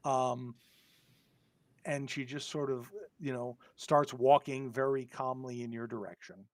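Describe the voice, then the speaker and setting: A man narrates a tabletop horror session as game master, pausing often and filling gaps with "um". His voice sits at an everyday middle pitch. The sound is dry and close, with no room echo. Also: fairly even intonation. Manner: hesitant, many filler words.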